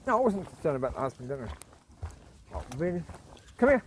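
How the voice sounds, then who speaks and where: A vlogger with a mid-range, sing-song voice talks fast while walking his dogs outdoors in a village, with a little hiss or hum on the audio. In this casual walk-and-talk chat, he calls commands to his dogs and coos affectionately at puppies.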